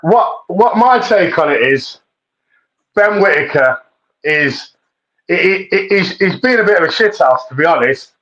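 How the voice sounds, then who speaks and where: Man, high voice, blunt, swears a lot, slangy, muffled lo-fi mic. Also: animated, a little slow, fairly bright tone. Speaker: podcast co-host. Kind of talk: casual boxing chat. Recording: dull lo-fi mic.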